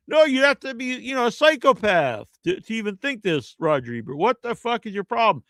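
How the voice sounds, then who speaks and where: A man's voice: very high voice, big pitch swings, fairly quick, hardly any pauses, fairly bright tone, no room sound. A man hosting a podcast, ranting in a casual, rambling and profane way. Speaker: podcast host. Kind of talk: casual rant.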